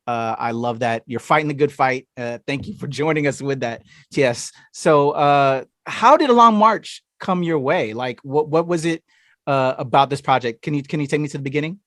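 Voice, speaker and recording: A man's voice: medium pitch, moderate pace, a bit bright, no echo, clean studio sound. A man hosting a podcast interview, enthusiastic and affirming toward his guest. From United States. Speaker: podcast host.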